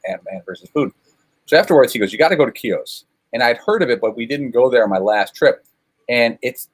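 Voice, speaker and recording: Speaking over a call, this guest from Chicago, USA, rambles through lengthy self-mocking anecdotes in a relaxed way, leaning on plenty of filler words. His mid-range voice is husky, and the audio is rough.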